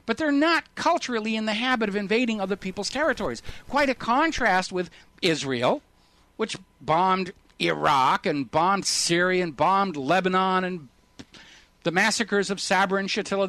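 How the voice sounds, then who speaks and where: Male talk radio host, fairly high voice, dry close sound, sarcastic and indignant. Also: expressive, moderate pace, sharp tone, no echo. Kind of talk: political talk radio commentary.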